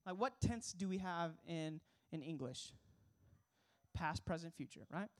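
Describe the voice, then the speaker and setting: A man's voice: on the high side, animated, a little slow. A young man preaching as a pastor, earnest and emphatic, asking the congregation rhetorical questions. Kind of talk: sermon.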